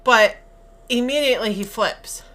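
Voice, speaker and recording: A woman's voice: a little high, normal speed, pushed and bright. A woman hosting a podcast, casually recapping a film scene and acting out the characters' lines. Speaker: podcast host.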